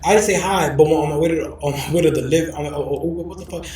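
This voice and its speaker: A man's voice: on the high side, rapid-fire, darkish tone, echoey room, poor audio. A young man hosting a podcast in casual chat, brash and profane, breaking into mocking shrieks. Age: young adult. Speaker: podcast host. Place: lives in Los Angeles.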